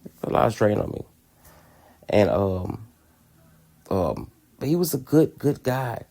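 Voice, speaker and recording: Candid, profane man with a low voice. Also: sing-song, measured pace, vocal fry, warm tone. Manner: candid and profane, laughing often. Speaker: podcast host. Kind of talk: casual personal storytelling.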